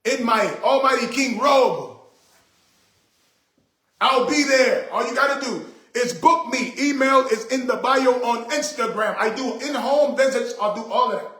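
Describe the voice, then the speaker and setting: A man's voice: very high voice, measured pace, pushed and bright, echoey room. A man hosting a casual livestream, talking to viewers in an emphatic, repetitive, indignant way. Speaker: livestream host.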